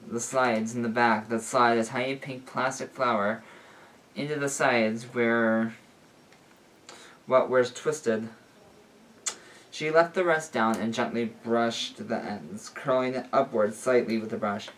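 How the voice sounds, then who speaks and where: A man's voice: medium pitch, steady tone, measured pace, fairly bright tone, recorded from a distance. Man reading a story with slips. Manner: unpolished, stumbles and fixes his words. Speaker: story reader. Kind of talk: reading fan fiction aloud.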